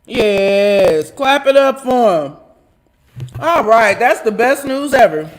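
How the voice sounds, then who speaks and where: A woman with a fairly high, expressive voice speaks slowly as she wraps up her live online talk show. The casual sign-off is full of jokes and frequent laughter, and she treats her viewers with churchy affection.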